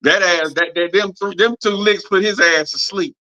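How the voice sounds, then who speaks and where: A middle-aged man telling a long family story on a podcast in a drawling, animated way. He keeps repeating "I say" and puts on voices for the people he quotes. His voice is bright, sits a little high, and comes through dull, lo-fi stream audio. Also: moderate pace. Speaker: podcast host. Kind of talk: casual storytelling chat.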